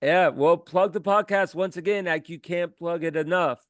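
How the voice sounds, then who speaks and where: A man's voice: a little high, fairly even intonation, normal speed, no room sound. A man hosting a podcast in casual chat, rambling and filling his talk with "like". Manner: rambling, lots of "like" and laughs. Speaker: podcast host.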